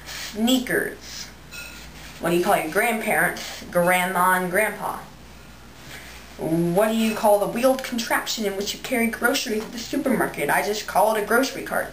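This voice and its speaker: A woman's voice: medium pitch, slight background noise. A young woman from Manhattan, doing a challenge vlog, reading a word list and then a book passage. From New York City, Manhattan. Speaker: vlogger. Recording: echoey room, voice a bit far from mic.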